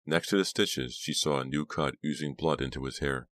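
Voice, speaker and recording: A man narrating a horror novel in a measured, scripted reading. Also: rumbling low, fairly bright tone, dry recording. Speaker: audiobook narrator.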